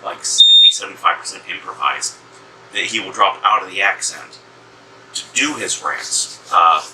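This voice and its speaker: A man co-hosting a casual movie chat, adding quick, knowing remarks. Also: sits low, sing-song, gravelly. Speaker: co-host. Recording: distant mic with faint room hum.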